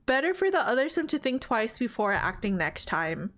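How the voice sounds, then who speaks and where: A young woman streaming a life-sim game, commenting excitably and exclaiming at every twist. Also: a little high, moderate pace. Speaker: gaming streamer. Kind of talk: let's play commentary.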